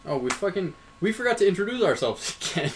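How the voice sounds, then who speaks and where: A man's voice: sits high, big pitch swings, fast talker, a little hiss or hum. A man co-hosting a casual comedy podcast, reacting with incredulous questions. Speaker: podcast co-host.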